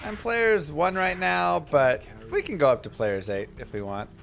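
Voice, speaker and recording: A man's voice: on the high side, big pitch swings, normal speed, gravelly, fairly bright tone, a little hiss or hum. A man giving casual, chatty commentary while streaming a game, mixing game tips with family stories.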